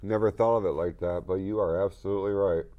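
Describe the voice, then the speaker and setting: A man's voice: sits low, steady tone, quick pace, muffled recording. A man hosting a local TV talk show, giving an earnest motivational talk in the studio that builds to emphatic points.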